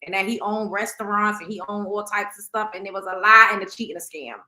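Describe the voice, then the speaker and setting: A woman's voice: medium pitch, steady tone, fast talker, sharp tone. A woman hosting a livestream, chatting in slang with her viewers. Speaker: show host. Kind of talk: casual livestream chat.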